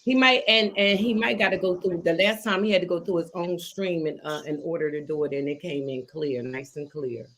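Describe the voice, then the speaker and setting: Woman host, Jersey accent, easygoing panel chat, steps in to calm things down. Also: fairly low pitch, brisk, hardly any pauses, slight background noise. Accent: New Jersey. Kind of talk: casual online panel chat.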